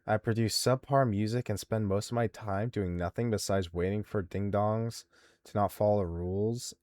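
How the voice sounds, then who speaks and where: A man's voice: fairly low pitch, fairly even intonation, normal speed, a little mellow, dry recording, clean studio sound. A man hosting a live stream, reading out viewer responses and mocking them in a crude, exasperated way. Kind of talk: casual live-stream commentary.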